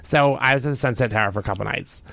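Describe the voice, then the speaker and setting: A man with a gravelly, creaky edge chats as a podcast co-host, telling stories with playful self-satisfaction. His voice sits at a middle pitch and is recorded close and dry, with little room sound. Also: rapid-fire, fairly bright tone, no room sound. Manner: playful, self-congratulatory storyteller. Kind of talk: casual chat.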